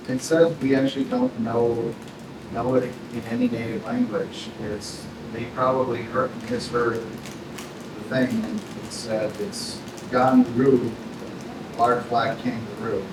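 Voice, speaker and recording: A man speaks slowly and haltingly, reading out a search result in class. He is far from the mic in a roomy space. Air-conditioning hum runs clearly under his voice. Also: mid-range voice, fairly even intonation. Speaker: student.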